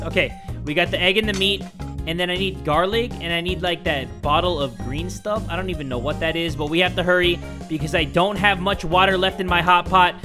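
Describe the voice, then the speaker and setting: A young man hosting video game commentary, excitable and joking, with loud outbursts. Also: high voice. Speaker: gaming channel host.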